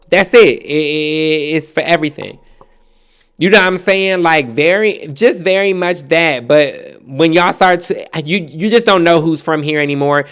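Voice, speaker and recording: A fairly high-pitched man with a New Jersey accent talks straight to his listeners in a loose, storytelling monologue. His voice is smooth and clear, and he swears freely, laughs often and drifts into playful imitations of other accents. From Trenton, New Jersey. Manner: animated, profane, laughs often, mimics accents. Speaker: podcast host.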